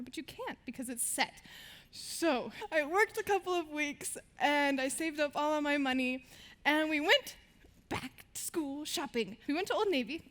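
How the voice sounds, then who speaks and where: A teenage girl speaks to a live audience from a stage in a high voice. Her tone is bright and lively, and she tells her stories in a bubbly way, laughing now and then. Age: teens. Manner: bubbly storytelling, laughs between lines.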